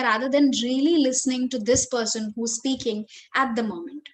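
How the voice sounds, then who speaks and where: High-voiced Indian woman giving a webinar. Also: a little fast. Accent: Indian English. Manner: expressive, varies tone and stress, engages the audience directly. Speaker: corporate trainer. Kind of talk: live online training webinar.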